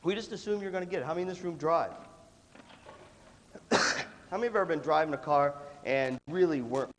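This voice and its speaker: Brief: male workshop speaker, a little high, lively, playful, with a big hall echo behind him. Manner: animated, joking, acts out quick voices and sudden shouts. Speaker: leadership speaker. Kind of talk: motivational workshop talk. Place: large hall with a student audience. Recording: echoey hall, faint room noise.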